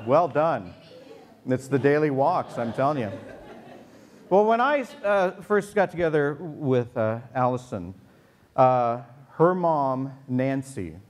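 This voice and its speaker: A man's voice: mid-range voice, lively intonation, slow pace. A male pastor preaching a sermon to a congregation in a church, joking and telling stories in a conversational way. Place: church sanctuary before a congregation.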